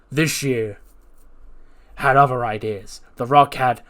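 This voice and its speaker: A man's voice: medium pitch, lightly acted. Man doing a big cocky wrestling star, talks about himself in third person, dramatic promo.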